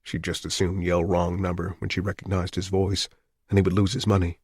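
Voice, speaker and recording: Deep, husky male reader for a tense thriller audiobook, close dry mic. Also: level tone, fairly quick, no room sound. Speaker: audiobook narrator. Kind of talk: scripted narration.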